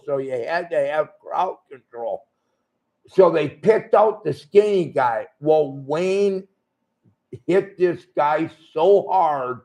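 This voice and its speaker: A man's voice: fairly high pitch, a little mellow. An older man, a former wrestler, telling blunt, profane stories in a rambling way during an interview. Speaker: guest wrestler. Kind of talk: shoot interview storytelling.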